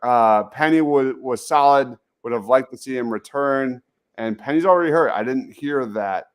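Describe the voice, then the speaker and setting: A man's voice: mid-range voice, normal speed, smooth. A man hosting a casual sports talk show, reading out viewer comments and laughing easily. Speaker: podcast host.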